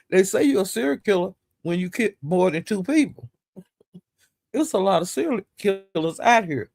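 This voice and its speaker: A woman's voice: mid-range voice, expressive, unhurried, pauses often, darkish tone, dry recording, clean studio sound. A woman vlogger giving casual gossip commentary, blunt and profane, sounding exasperated as she retells the drama.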